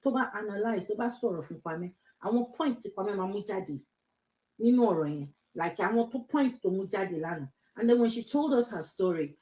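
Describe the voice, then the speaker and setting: A Nigerian woman with a blended Nigerian, British and American accent, hosting a casual live stream. She talks emphatically, hammers her points home by repeating them, and drops into Yoruba now and then. Her voice sits a little low and carries the echo of a bare room. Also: darkish tone. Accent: mixed Nigerian, British and American. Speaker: social media live host.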